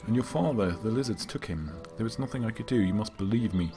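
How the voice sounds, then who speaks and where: A slightly hoarse man voicing a frightened young male village apprentice, breathless and pleading. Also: on the low side, expressive, fast talker, over music. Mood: panicked.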